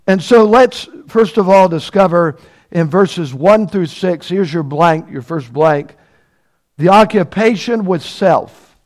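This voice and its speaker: Male preacher, high voice, slow emphatic sermon, rhetorical questions. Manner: emphatic, repeats key phrases, asks the congregation questions.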